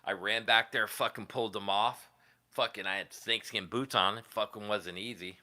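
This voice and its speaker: A man's voice: on the low side, steady tone, normal speed, bright, forceful tone. A man hosting a casual livestream, telling rambling, profane stories from his years as a musician and laughing at them. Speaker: livestream host, guitarist.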